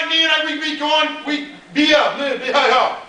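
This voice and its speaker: A man's voice: very high voice, steady tone, moderate pace, hardly any pauses, recorded from a distance, a crowd in the background, background noise. A Midwestern American man, a pastor, telling a funny story in a sermon with lots of laughter. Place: church hall in a mall. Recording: very echoey hall from afar.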